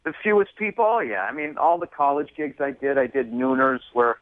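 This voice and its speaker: A male comedian telling stories in a casual interview, lively and acting out other voices. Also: medium pitch, moderate pace, no echo. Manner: animated storyteller, acts out voices. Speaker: comedian guest. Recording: tinny phone line.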